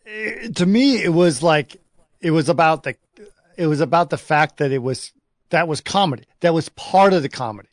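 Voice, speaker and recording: A man co-hosting a casual film discussion, talking in halting, rambling sentences full of restarts. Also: a little high, expressive, no echo, clean studio sound. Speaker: podcast co-host.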